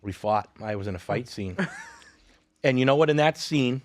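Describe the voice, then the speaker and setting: A man with a thick Boston accent chats as a podcast guest and spins animated, boastful stories with a wink in them. His voice sits at a middle pitch. The studio sound is dry and close. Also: moderate pace, no room sound. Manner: animated storyteller, jokey and boastful. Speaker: guest comedian. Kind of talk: casual podcast chat.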